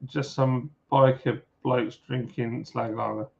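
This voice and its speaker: A man's voice: mid-range voice, little pitch movement, slow pace, vocal fry, a little mellow. A man with a Yorkshire accent hosting a livestream from home, chatting casually and jokily with viewers while reading comments over a beer. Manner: chatty, jokey, lots of filler "uh"s. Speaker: livestream host. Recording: dull lo-fi stream audio.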